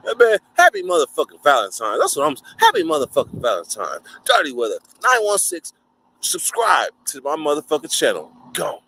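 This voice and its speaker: A man tells a prison story in a casual vlog, full of profanity and voicing other people in a high pitch. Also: huge pitch swings, brisk, vocal fry, bright, forceful tone, poor audio. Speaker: vlogger, former prisoner.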